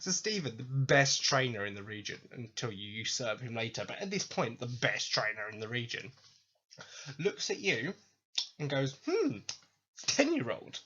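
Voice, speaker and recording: A man's voice: mid-range voice, animated, brisk, hardly any pauses, pushed and bright, a little hiss or hum. A man hosting a podcast, ranting about video games in a sweary, sarcastic, exasperated way. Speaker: podcast host. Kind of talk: ranting video game commentary. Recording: dull lo-fi recording.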